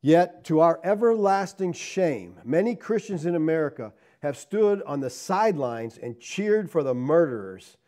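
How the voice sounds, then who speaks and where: This male pastor gives a lively sermon, throwing rhetorical questions at the congregation and alternating booming declarations with hushed asides. He keeps an unhurried pace with few pauses.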